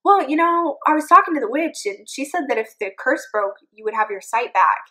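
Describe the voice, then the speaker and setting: A woman's voice: high-pitched, lively intonation, fairly quick, bright, forceful tone. Woman doing an offhand cursed beast boy. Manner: casual, offhand. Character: cursed teenage beast boy, lonely and blunt.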